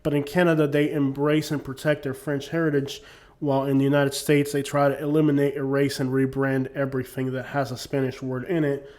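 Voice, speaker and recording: A YouTuber with a slightly mellow, mid-range voice speaks briskly and with little pitch movement. He rambles through a casual opinion monologue to camera, full of "you know what I'm saying" fillers.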